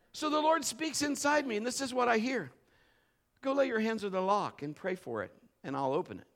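A man preaching and telling a personal story, animated, swinging from shouts to hushed storytelling. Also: high voice. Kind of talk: sermon with personal testimony.

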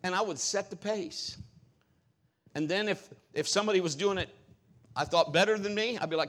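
A male pastor preaching a sermon, telling animated stories and acting out quoted voices. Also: high-pitched, normal speed.

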